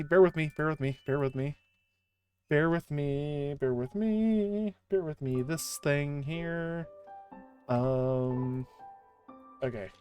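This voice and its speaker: A woman streamer chatting casually on a livestream, gushing and excitable, often restarting her sentences. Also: very deep voice.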